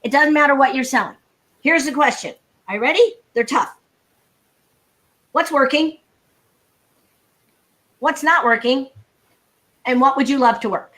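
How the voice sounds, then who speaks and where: High-voiced, emphatic woman sales coach. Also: a bit bright. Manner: brisk, emphatic, laughs often, acts out dialogue. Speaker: sales coach guest speaker. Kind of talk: energetic live talk with humor.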